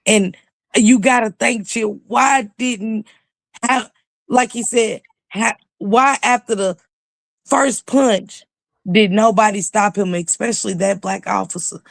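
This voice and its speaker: A woman's voice: mid-range voice, steady tone, moderate pace, gravelly, no room sound, clean studio sound. A woman talking as a YouTube commentator in a casual livestream chat, with emphatic, preachy storytelling.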